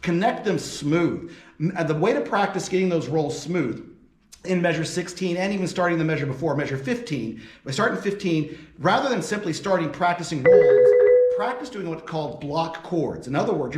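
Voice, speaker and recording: A man's voice: on the high side, expressive, moderate pace, soft background music. A man giving a percussion lesson, explaining audition tips and counting rhythms aloud as he demonstrates. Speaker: percussion professor. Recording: roomy with loud marimba.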